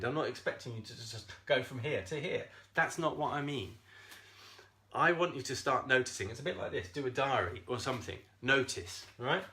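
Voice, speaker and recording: A man coaching viewers on a live stream, animated and talking straight to them, swearing freely and laughing often. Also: mid-range voice. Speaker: self-esteem coach.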